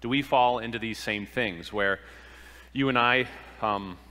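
A man's voice: medium pitch, a little slow, pushed and bright, long reverb tail. A man preaching a sermon, earnest, asking rhetorical questions and acting out the quoted lines. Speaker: pastor.

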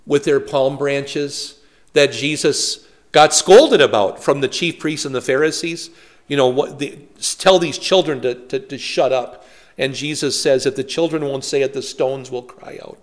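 A man, a pastor, leading a Bible study in a conversational way, telling stories with humorous asides and rhetorical questions. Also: mid-range voice.

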